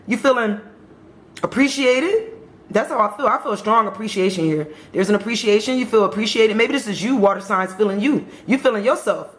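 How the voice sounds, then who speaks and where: A woman's voice: medium pitch, reverberant. A woman giving a casual tarot reading and talking straight to her viewers in a chatty, repetitive way. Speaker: tarot reader.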